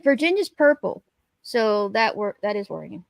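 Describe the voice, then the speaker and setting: A woman on a livestream panel giving animated, casual commentary on the election results. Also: medium pitch, normal speed, gravelly, dry recording.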